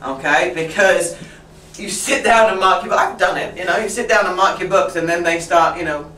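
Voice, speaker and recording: A woman's voice: lowish voice, normal speed. Woman giving teachers tips from a distant mic. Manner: lively, laughing, acts out pupils' voices. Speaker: teacher trainer. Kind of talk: workshop talk to fellow teachers. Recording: roomy sound from a distant mic, faint room noise.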